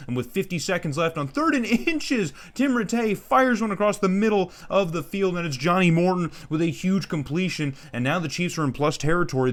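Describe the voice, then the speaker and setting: A man casually calling play-by-play over his own football video game, excitable, tripping over names and tacking "man" onto his lines. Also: fairly high pitch. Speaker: gaming YouTuber commentating his own franchise game.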